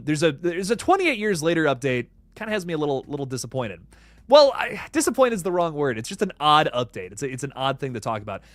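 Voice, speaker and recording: A young adult man, hosting a casual live stream and chatting in an excitable, rambling way with many fillers. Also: a little high, dry recording. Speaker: horror news streamer.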